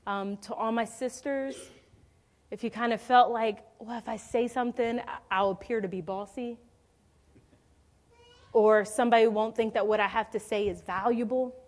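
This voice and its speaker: A woman's voice: fairly high pitch, fairly even intonation, moderate pace. A woman in her forties preaching a sermon in a conversational, storytelling way, calling out questions to the congregation. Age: 40s.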